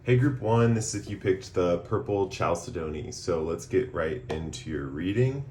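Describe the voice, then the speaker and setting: A man with a very deep, hoarse voice, worn down by a recent cough. He leads a casual tarot reading in a loose, rambling way, full of ums and pauses. A faint hiss sits under his voice. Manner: relaxed, rambling, many ums. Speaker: tarot reader.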